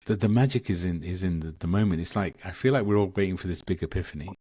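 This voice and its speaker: A man's voice: deep voice, fast talker, dark tone, husky, dry recording. A man, a spiritual guest on a video call, talking earnestly with many restarts. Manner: earnest, rambling with frequent restarts. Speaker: guest, Akashic Records channel. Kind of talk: casual spiritual conversation.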